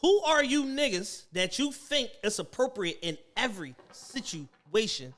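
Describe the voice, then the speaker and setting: Blunt high-voiced podcast man. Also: big pitch swings, unhurried, bright, forceful tone. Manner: blunt, emphatic, swearing. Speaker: podcast co-host. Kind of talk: casual chat.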